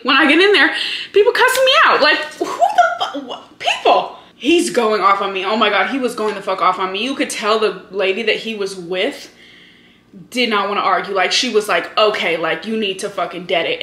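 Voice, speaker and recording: Bright, fired-up young woman vlogger. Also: fairly high pitch. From Hawaii, US. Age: 20s. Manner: fast, heated, profane storytelling. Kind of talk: casual vlog chat to camera. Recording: echoey room with faint noise.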